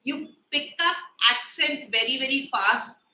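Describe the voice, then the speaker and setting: A woman's voice: high-pitched, lively intonation, a little slow, pushed and bright, lo-fi sound. A woman teaching an English literature class, explaining words with everyday examples in a chatty way. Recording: echoey room with faint noise.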